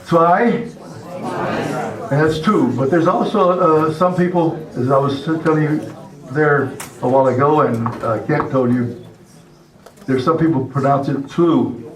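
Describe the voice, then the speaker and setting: An older man teaching a language class, speaking slowly and patiently and spelling words out letter by letter. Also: on the high side. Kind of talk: classroom lesson. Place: classroom or meeting hall. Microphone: far camera. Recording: echoey hall from far off with murmuring class.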